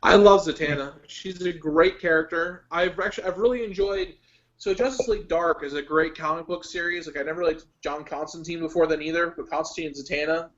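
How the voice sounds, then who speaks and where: A fairly high-voiced man chatting casually as a guest, rambling through opinions with plenty of ums and likes. His voice comes through a muffled, lo-fi online call. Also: fairly quick. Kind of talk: casual chat.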